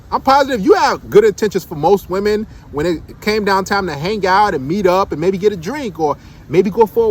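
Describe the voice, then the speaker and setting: A man's voice: high voice, slightly rough. A man giving blunt, emphatic dating commentary in a casual monologue, full of rhetorical questions.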